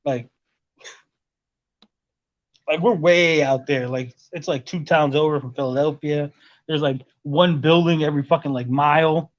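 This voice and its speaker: A man rambles through a story on a podcast, swearing freely and checking in with "right?" after nearly every point. His voice sits a bit high. The recording sounds dull and lo-fi. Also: steady tone, measured pace, pauses often. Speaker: podcast host. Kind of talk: casual chat. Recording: lo-fi muffled audio.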